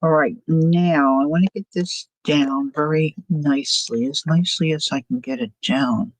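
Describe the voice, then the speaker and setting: A woman with a low-sitting voice speaks at a moderate pace, hosting a crafting livestream where she chats casually, thinks aloud, and answers viewer comments as she works. The recording is rough, with no room sound.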